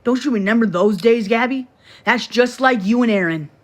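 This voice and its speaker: A woman's voice: on the high side, normal speed. A woman on a phone livestream from her bed, lecturing and scolding in a preachy, repetitive way. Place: bedroom, in bed.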